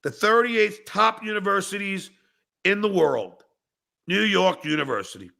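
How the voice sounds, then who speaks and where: Gravelly, animated man ranting as a podcast host. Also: sits high, measured pace. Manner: angry, profane, bursts into shouting; reads viewer chats aloud with mocking replies. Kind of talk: livestream rant at chat commenters.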